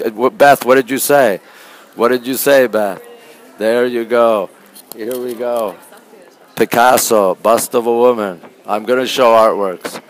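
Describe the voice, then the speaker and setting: A man from Canada talks casually into a phone as he strolls through a museum gallery, greeting viewers one after another. He often keeps his voice low, and his pitch sits in the middle range. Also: rough recording. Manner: chatty, greets viewers by name, often softly spoken. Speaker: livestreamer touring a museum. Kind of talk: casual live-stream chat. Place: indoor art museum gallery. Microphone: phone held while walking.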